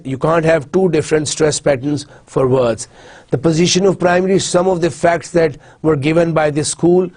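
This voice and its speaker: A male university lecturer who reads each point aloud, then restates it slowly with frequent restarts. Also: a little high, darkish tone. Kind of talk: recorded linguistics lecture.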